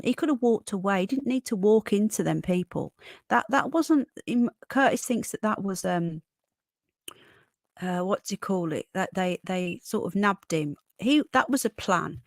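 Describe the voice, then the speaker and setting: A woman's voice: medium pitch, no room sound, clean studio sound. A woman hosting a casual livestream, chatting with viewers and thanking them by name. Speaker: livestream host.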